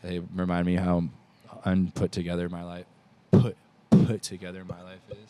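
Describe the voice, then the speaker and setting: A man talking as a podcast guest in a rambling, relaxed way, swearing now and then. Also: sits low, normal speed, noisy background. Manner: rambling, loose, swears casually. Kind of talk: casual chat.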